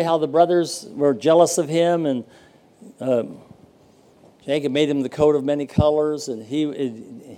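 An older male pastor preaching a sermon in a folksy storytelling way, full of pauses. His voice sits a touch high for a man, with a mellow, warm tone.

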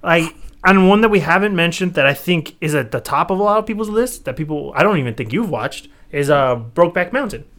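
A young man co-hosts a casual podcast, his voice a little higher than most men's. He rambles and argues his opinions hard, filling pauses with "like". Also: expressive, a bit bright. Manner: rambling, opinionated, frequent "like" fillers. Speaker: podcast co-host. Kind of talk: casual chat.

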